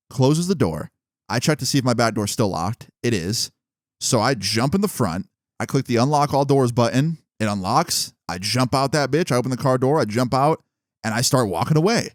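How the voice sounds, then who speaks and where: A young man tells a storytime in an animated, exasperated way, swearing freely. His voice sits at a middling pitch, and the recording is dry and close. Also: no echo. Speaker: vlogger. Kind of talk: casual storytime.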